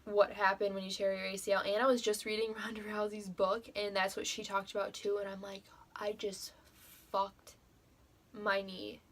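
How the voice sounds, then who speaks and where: A woman's voice: medium pitch, level tone, fast talker, hardly any pauses. A young woman telling a personal story to the camera in a casual vlog, emotional and full of fillers, with frequent swearing. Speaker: vlogger.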